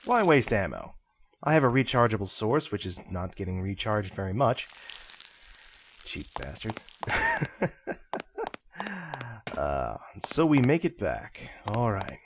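A man's voice: fairly low pitch, big pitch swings, normal speed, a little hiss or hum. A man casually commenting while playing a video game, talking to himself and to viewers with playful, teacher-like asides. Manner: chatty, talks to himself and viewers. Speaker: let's play host.

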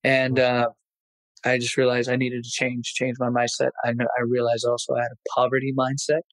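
A man in his thirties speaks candidly as a podcast guest, reflective and open about his past. His voice sits at an ordinary middle pitch and he grows animated when retelling moments. The sound is dry and close with no room echo. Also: brisk. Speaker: martial arts instructor and guest. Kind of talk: casual podcast interview storytelling.

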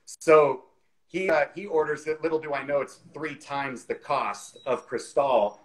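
A man in his forties, a real estate expert, telling a story in a casual interview over a video call, with lively fillers like "you know" and "like". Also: a little high, measured pace, low-quality recording. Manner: animated, chatty anecdote telling with many fillers.

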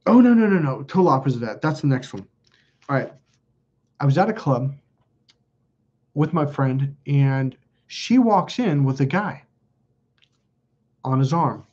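A man's voice: medium pitch, lively intonation, a little slow, pauses often, darkish tone, slightly rough. A man hosting a casual livestream, telling rambling stories bluntly and with lots of swearing while reading viewer comments. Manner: blunt, profane, rambling storyteller. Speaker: host. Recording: dull lo-fi recording.

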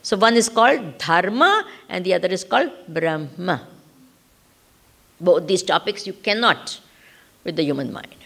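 A woman's voice: on the low side, a little slow, gravelly, pauses often. A woman with an Indian accent giving a spiritual lesson on Vedanta. She often checks in with her listeners, switches into Hindi now and then, and laughs as she explains. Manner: animated, laughs while explaining. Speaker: spiritual teacher. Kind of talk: Vedanta discourse.

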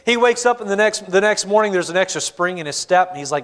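A male pastor preaching a sermon in a church, telling the story with animated voices. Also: high voice, fast talker. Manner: animated storytelling, acts out characters. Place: church sanctuary. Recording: long hall reverb in church.

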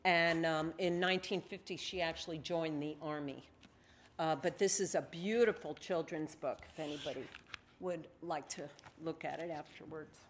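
A woman's voice: low voice, fairly even intonation, a little hiss or hum. A woman author giving a presentation at a museum library, reading passages aloud. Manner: slow, measured, reading aloud. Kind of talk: lecture with read-aloud passages.

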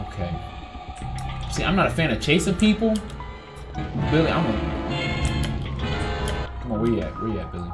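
Animated man, chatty gaming commentary. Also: mid-range voice, quick pace, pauses often. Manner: animated, chatty, talks straight to viewers, yelps when startled. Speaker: gaming YouTuber. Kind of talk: let's play commentary. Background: game music.

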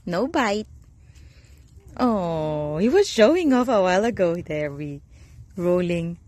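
A woman's voice: sing-song, slow, pauses often, darkish tone, no room sound. A Filipino woman and mother mixing English with Cebuano, cooing at a stray cat in a sing-song voice and meowing at it during a family camping vlog. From Philippines. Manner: coos at a cat in a high sing-song voice with many meows. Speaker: family vlogger.

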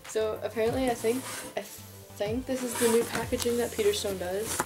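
Excited woman gushing over an unboxing. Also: on the high side, moderate pace. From Canada. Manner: gushing, breathless, talks to her pet and the camera. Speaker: vlogger. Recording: background music.

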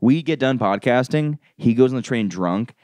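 A man's voice: mid-range voice, lively intonation, moderate pace, a little mellow, no room sound. A young man hosting a podcast, swearing and laughing as he tells rowdy stories in casual chat. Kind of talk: crude comedic chat.

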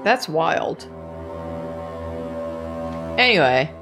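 A woman's voice: sits low, sing-song, drawn-out words, music in the background. A woman co-hosting a casual gaming stream, chatty and joking as she tells stories. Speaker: streamer co-host.

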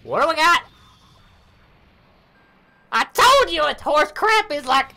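Woman, game commentator, slow and bright, animated, swears freely. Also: high-pitched. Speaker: mobile game streamer. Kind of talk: casual gameplay commentary.

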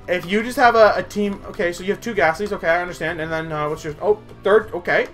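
A man's voice: high-pitched, fast talker, few pauses, a bit bright, soft background music. A man chatting playfully through a let's play, singing silly little ditties as he goes. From Canada. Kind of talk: casual gameplay commentary.

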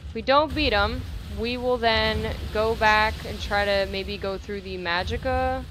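A young woman giving casual, profane gameplay commentary with sudden excited outbursts. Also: mid-range voice, measured pace, slight background noise. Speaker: gaming channel host.

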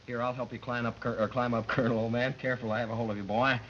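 A man's voice: mid-range voice, flat delivery, rapid-fire, a bit bright. A man acting as straight man and announcer in a 1930s radio comedy, mock-dramatic and chuckling. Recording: muffled old film soundtrack with hiss.

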